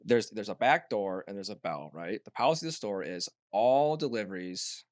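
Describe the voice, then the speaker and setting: A young man co-hosting a casual podcast, telling a rambling story full of restarts and loud mimicked voices. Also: lowish voice, lively intonation, moderate pace, dry recording, studio quality. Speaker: podcast co-host. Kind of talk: casual chat.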